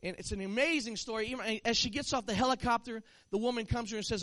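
Preacher, man, high bright voice, animated sermon delivery, dry close sound. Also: fast, few pauses, no room sound. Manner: animated preaching, bursts into shouts.

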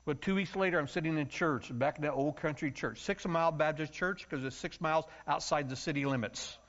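A preacher tells his story in a folksy, lively way. His voice sits a little high for a man. The recording sounds muffled and lo-fi. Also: fairly quick. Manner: storytelling, folksy and animated, acts out shouting congregants. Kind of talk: sermon. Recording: muffled low-fidelity sound.

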